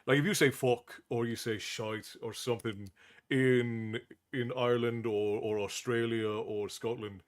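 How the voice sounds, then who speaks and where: A man's voice: mid-range voice, fairly even intonation, measured pace. Rambling man chatting on a stream. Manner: rambling, many restarts and chuckles. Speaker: livestream host. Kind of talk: casual chat with viewers.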